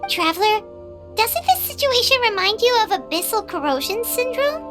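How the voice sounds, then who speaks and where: Game companion sprite, tiny and excitable, squeaky high with bouncy swings. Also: female voice, faint music behind, exaggerated voice. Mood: chatty. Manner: quick, chirpy, expressive. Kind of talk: video game voice acting. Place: recording studio.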